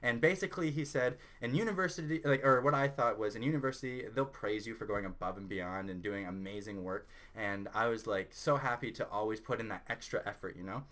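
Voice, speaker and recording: A young man with a Canadian accent, hosting his own channel and telling a personal story in a lively, excitable way. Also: on the low side, fairly quick, few pauses. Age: young adult. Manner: animated, excitable storyteller who rises loud when indignant. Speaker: channel host. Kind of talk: casual storytelling vlog.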